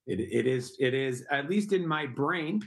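A middle-aged man, the founder of a park project, answers interview questions as a guest, explaining his project earnestly and using rhetorical questions. His medium-pitched voice has lively intonation and moves a little slowly.

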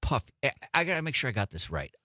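A man's voice: medium pitch, sing-song, quick pace, sharp tone, no room sound, studio quality. Easygoing man chatting on radio. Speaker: radio co-host. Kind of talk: casual radio banter.

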